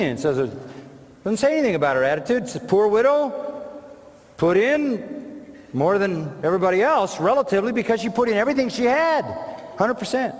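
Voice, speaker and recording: A man's voice: sits high, very animated, normal speed, pauses often. A man preaching a sermon, emphatic and rhetorical, answering imagined objections with short, repeated phrases. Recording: long reverb of a large hall.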